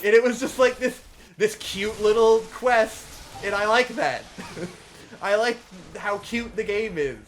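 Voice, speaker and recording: A young man co-hosting a let's play, giving casual gameplay commentary in a profane, ranting way that swings from mumbling to shouting. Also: sits high, unhurried, slight background noise.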